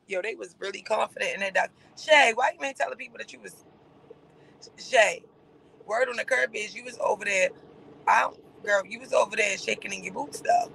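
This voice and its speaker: High gravelly man ranting sarcastically. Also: a little fast, sharp tone, rough recording. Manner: sarcastic, repetitive, laughs between phrases. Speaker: livestream host. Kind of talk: casual livestream rant.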